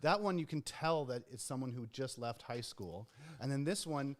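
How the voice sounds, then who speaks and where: A young man rambles through a casual book club talk. He stops and restarts his thoughts and leans on "like" again and again. His pitch sits in an ordinary middle range. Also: lively intonation, moderate pace. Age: young adult. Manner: rambling, many fillers. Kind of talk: casual chat.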